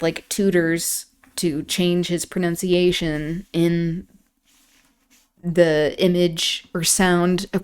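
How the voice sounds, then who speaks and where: A woman reading a classic novel aloud on a stream, breaking off for quieter, reflective asides. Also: lowish voice, clean tone.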